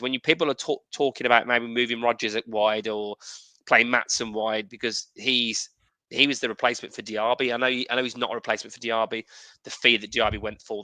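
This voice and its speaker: A man's voice: on the low side, pushed and bright, dry recording. A man co-hosting a casual football podcast, talking in emphatic, repeated phrases. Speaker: podcast co-host.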